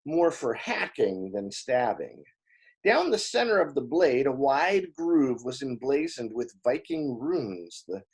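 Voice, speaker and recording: A man reading a novel aloud in expressive first-person narration, with small slips along the way. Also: medium pitch, husky. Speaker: audiobook reader.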